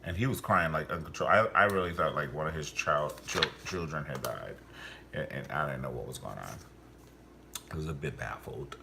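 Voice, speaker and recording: A man with a very deep, creaky voice rants about a TV series in a vlog at a moderate pace, blunt and profane, swinging theatrically up and down. There's noise in the background of this commentary video.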